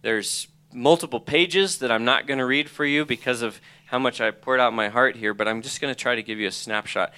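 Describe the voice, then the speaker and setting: A man's voice: medium pitch, brisk, few pauses, sharp tone, clean tone. A middle-aged man giving an earnest personal testimony, reading aloud from his own journal. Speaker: college president or ministry leader.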